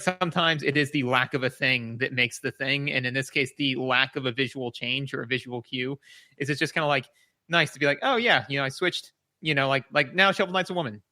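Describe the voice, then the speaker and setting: Bright-voiced man musing on a podcast. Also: mid-range voice, dry recording, studio quality. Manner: rambling, searching for words, many repeats. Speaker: podcast co-host. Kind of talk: casual chat.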